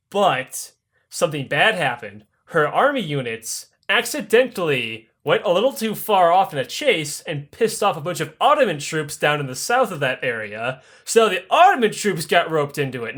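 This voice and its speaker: Crude, animated young man telling history. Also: high-pitched. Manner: crude, animated, swearing freely. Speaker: podcast host. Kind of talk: comedic history storytelling.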